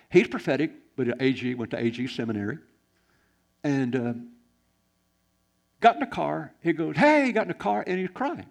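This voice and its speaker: Male pastor, gravelly tone, swings from loud bursts to near-whispers, sermon delivery. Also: medium pitch. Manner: animated preaching, swings from loud exclamations to hushed quiet.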